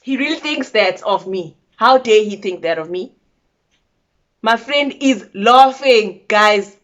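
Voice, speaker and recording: A young woman with a South African accent, telling a story to her viewers in a blunt, animated storytime style. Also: medium pitch, slow. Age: young adult. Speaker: vlogger. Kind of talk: casual storytime.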